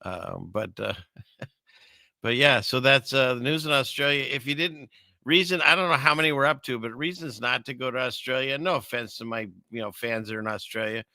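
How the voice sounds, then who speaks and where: A man hosting casual commentary on video clips, rambling and chuckling through his asides, with a gravelly voice. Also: mid-range voice, moderate pace, pushed and bright, no room sound, studio quality. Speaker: host.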